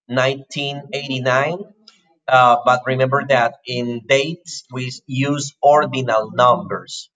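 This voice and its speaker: A man's voice: mid-range voice, fairly bright tone, rough recording. A man leaving a recorded feedback message for a student, patiently correcting pronunciation and grammar. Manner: patient, corrective, slow and careful. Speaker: language teacher giving feedback.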